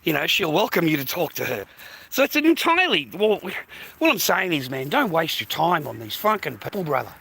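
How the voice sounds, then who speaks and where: A swearing Australian man in his fifties, ranting in a fairly high voice on a phone livestream. Street traffic and outdoor noise are loud behind him. He is blunt and repetitive and keeps calling the listener mate. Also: very animated, fairly quick, vocal fry. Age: 50s.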